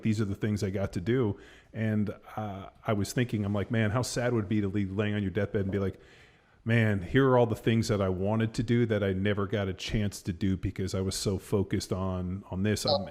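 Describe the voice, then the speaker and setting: A podcast host with a fairly low, slightly mellow voice tells a story in a loose, meandering way, filling it with fillers and offhand swearing as part of a casual chat.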